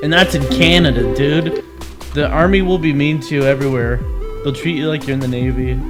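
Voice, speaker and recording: A man's voice: fairly high pitch, steady tone, fairly quick. A young man chatting casually as he streams a game, swearing, laughing and telling stories. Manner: laid-back, swearing, laughing a lot, storytelling. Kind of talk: casual gameplay chat. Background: game music.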